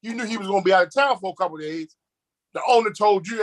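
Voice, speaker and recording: A man's voice: sits high, fast talker, low-quality recording. A man in casual talk, telling streetwise stories and repeating words as he starts his sentences. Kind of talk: casual chat.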